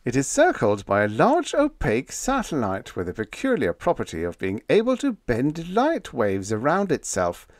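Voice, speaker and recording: A man voicing a gentle, nonchalant young male genius pilot who drawls blandly. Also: mid-range voice, wildly swooping pitch, normal speed, hardly any pauses, no echo, clean studio sound, voice pushed up.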